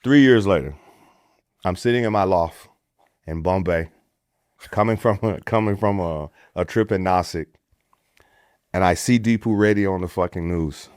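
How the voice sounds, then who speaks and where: A man's voice: sits low, normal speed, long pauses, clean tone, no room sound, studio quality. A middle-aged American man in a casual podcast chat, telling stories with put-on voices and plenty of swearing. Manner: animated storyteller, puts on voices for quotes, swears freely. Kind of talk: casual storytelling.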